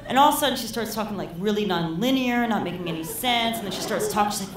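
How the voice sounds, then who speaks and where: A woman's voice: mid-range voice, quick pace, hardly any pauses, a crowd in the background. A woman telling a personal story live on stage, in a casual, rambling way full of "like" and "you know". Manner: casual, rambling, heavy use of "like". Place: live storytelling event in a venue. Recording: roomy live hall, mic heard from a distance.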